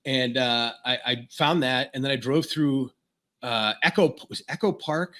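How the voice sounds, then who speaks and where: A man's voice: mid-range voice, a little slow, a bit bright. A man, a podcast guest from Florida, telling a long personal story in a casual, frank, rambling way, often restarting mid-sentence.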